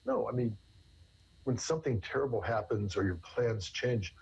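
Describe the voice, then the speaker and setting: A man's voice: on the low side, normal speed, darkish tone, muffled recording, a little hiss or hum. A man, a therapist, explaining in conversation with everyday examples in an earnest way. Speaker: therapist guest. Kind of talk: conversational interview answers.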